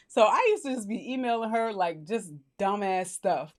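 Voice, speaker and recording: A woman vlogger spins a casual storytime with a goofy, laughing manner. Her voice is fairly high and swings widely as she talks. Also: a little fast, hardly any pauses. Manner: animated, goofy, laughs often.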